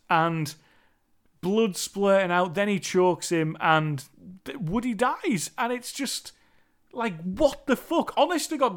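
A man recapping a film scene in a casual, emphatic, sweary way, often repeating himself. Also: high voice. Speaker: movie reviewer.

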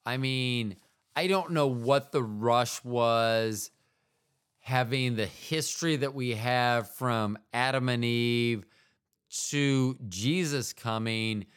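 Man, american, podcast host, unhurried rambling monologue, self-mocking asides, smooth clean voice. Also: mid-range voice. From United States.

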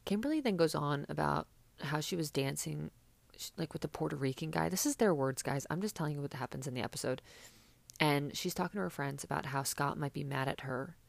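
A woman's voice: sits low, a little fast, gravelly, dry recording. A young woman chatting casually and sarcastically as a podcast host, with many fillers. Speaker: podcast host recapping reality TV. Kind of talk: casual chat.

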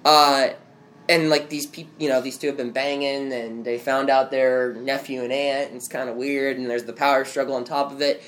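A man's voice: medium pitch, level tone, normal speed, fairly bright tone, slight background noise. A young man chatting casually at home, rambling with lots of "like" as he recaps a show. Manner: rambling, heavy use of "like". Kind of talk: casual chat. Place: at home with friends and family.

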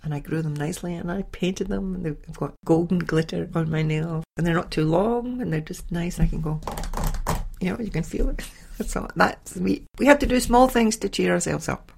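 Chatty woman with a gravelly voice. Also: on the low side, moderate pace, a little hiss or hum. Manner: chatty, animated, with sighs and laughs. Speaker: podcast host. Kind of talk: casual storytelling monologue.

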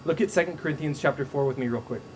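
Slightly high-voiced man preaching casually. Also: racing, slight background noise, low-quality recording. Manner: casual, animated storytelling with frequent restarts. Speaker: pastor. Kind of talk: sermon.

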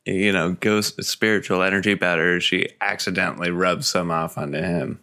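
A man's voice: deep voice, fairly even intonation, normal speed, vocal fry, bright, forceful tone. A man co-hosting a comedy podcast, jumping in with silly additions and giggling often. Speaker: podcast co-host. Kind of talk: casual comedic riffing.

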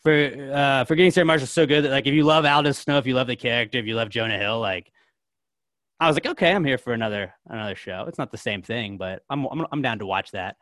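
A young man chats loosely as a podcast co-host, piling on filler words and restarts. His voice sits at an ordinary pitch and is recorded dry and close, with no room sound. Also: fast, a bit bright, no room sound. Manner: rambling, filler-heavy, lots of "like". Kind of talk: casual chat.

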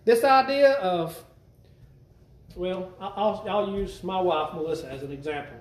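A man's voice: sits high, measured pace, echoey room, a little hiss or hum. A man preaching a sermon to his congregation, conversational and repetitive, often putting questions to the listeners. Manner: conversational, repeats himself, asks the congregation questions.

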